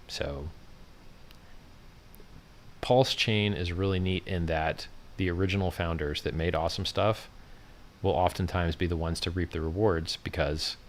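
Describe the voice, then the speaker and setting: A man with a fairly low voice hosts a casual livestream. He talks in a brash, mocking manner and rants at his targets. His commentary is loose and off-the-cuff. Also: a little hiss or hum. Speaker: livestream host.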